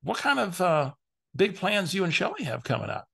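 A man's voice: sits high, big pitch swings, normal speed, creaky, fairly bright tone, slightly rough, pitched above the performer's own voice, full character voice. A man voicing a friendly, chatty woman agent on a phone call who cheerfully asks many personal questions, as an acted quote in his coaching talk.

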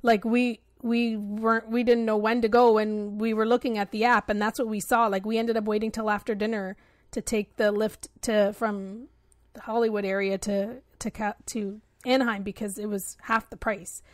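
A woman's voice: medium pitch, little pitch movement, moderate pace, no room sound, studio quality. A woman co-hosting a podcast in casual chat, easygoing and rambling with many fillers. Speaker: podcast co-host.

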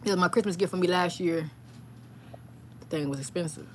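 A woman hosting a casual live stream, rambling excitedly and reading viewers' comments aloud. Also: lowish voice, fairly quick, a little hiss or hum.

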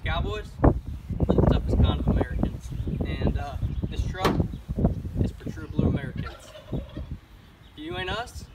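A man's voice: a little high, a little slow, pauses often, voice pushed up, natural voice. A man voicing a boastful macho cowboy rancher, folksy and mocking, outdoors by a truck. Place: outdoors beside a pickup truck. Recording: distant mic with outdoor vehicle noise.

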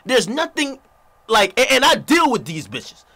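A man streaming a reaction video, ranting profanely with loud asides. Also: extremely high pitch, huge pitch swings, measured pace.

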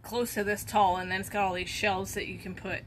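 A woman's voice: medium pitch, flat delivery, brisk. A woman hosting an unboxing video, chatting casually and thinking aloud as she opens items. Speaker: online reseller, channel host. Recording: noisy home recording.

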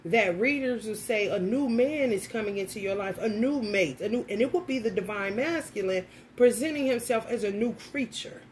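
A woman tarot reader telling a story in a casual vlog, animated and profane, often laughing. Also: a little high, moderate pace, few pauses, a little hiss or hum.

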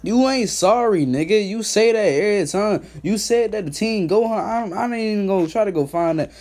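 A young man doing profane, mocking trash-talk commentary on a stream, laughing and calling people out in a put-on higher voice. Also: fairly quick. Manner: mocking, laughing, loud call-outs; put-on higher voice instead of his deep one. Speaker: YouTube commentator.

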